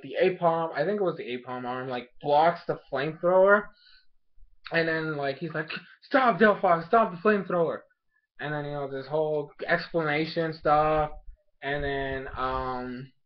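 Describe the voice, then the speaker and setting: A man casually reviewing an anime episode, rambling with lots of fillers and excited laughs. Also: a little high. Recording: dull lo-fi sound.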